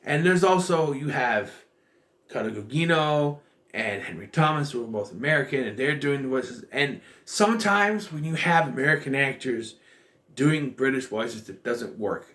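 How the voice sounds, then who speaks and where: A man's voice: mid-range voice, lively intonation, normal speed, a bit bright. Man rambling through a show review. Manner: rambling, thinking aloud with frequent restarts. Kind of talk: casual spoken review.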